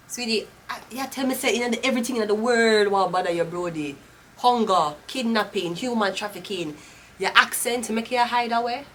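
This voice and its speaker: A Jamaican woman talks through a tarot reading in a loose, rambling way, blunt and quick to swear. Her voice is bright and a little sharp. A faint hiss sits under the recording. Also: medium pitch. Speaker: tarot reader. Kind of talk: casual tarot reading monologue.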